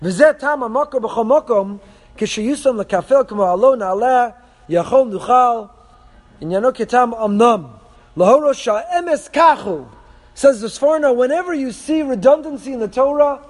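High-voiced man teaching in a hall. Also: moderate pace, darkish tone. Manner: emphatic, poses rhetorical questions; reads source texts aloud then translates them. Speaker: Torah teacher. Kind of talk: text-study lecture. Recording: long hall reverb.

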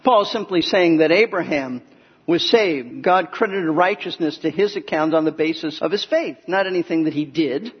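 A man's voice: on the high side, normal speed, breathy edge. A man preaching an expository sermon, earnest and emphatic, explaining scripture step by step. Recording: echoey hall, muffled lo-fi sound.

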